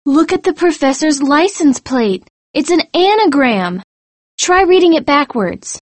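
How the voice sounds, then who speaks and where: Anxious young girl, put on by a male narrator; high falsetto, dry sound. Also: lively intonation, measured pace, dry recording. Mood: urgent.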